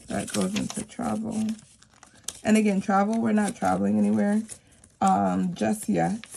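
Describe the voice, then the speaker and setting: A woman's voice: medium pitch, creaky, dark tone, a little hiss or hum. A woman in her thirties, casually chatting and telling stories while budgeting cash, with lots of filler words. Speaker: budgeting vlogger.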